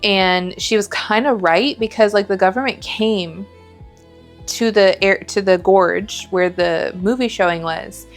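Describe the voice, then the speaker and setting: A woman co-hosting a podcast, casually retelling a book's plot in a chatty way, with quick quoted lines and some swearing. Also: mid-range voice, soft background music. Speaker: podcast co-host. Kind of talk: casual book discussion.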